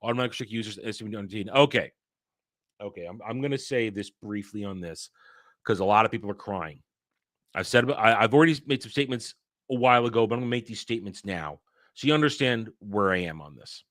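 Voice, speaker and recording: A man's voice: on the low side, fast talker, fairly bright tone, dry recording, studio quality. A man hosting a daily entertainment news show, reading headlines and giving blunt, profane, irritated takes. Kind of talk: casual ranting commentary on headlines.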